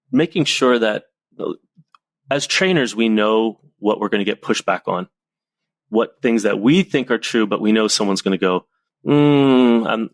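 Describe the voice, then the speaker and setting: A man coaching on presentations, telling lively anecdotes as a podcast guest. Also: on the low side, no room sound. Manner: lively storyteller, animated anecdotes. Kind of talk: casual podcast conversation.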